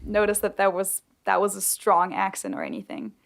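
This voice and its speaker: A woman's voice: medium pitch, very animated, normal speed, creaky. A young woman, a non-native speaker of English whose first language is German, co-hosting a podcast in a chatty way with many fillers. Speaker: podcast co-host. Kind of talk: casual chat.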